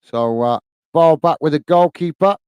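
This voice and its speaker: A man from England hosting a fan watch-along, giving excited live match commentary and reading out chat comments. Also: a little high, moderate pace, clean tone, no room sound, dull audio.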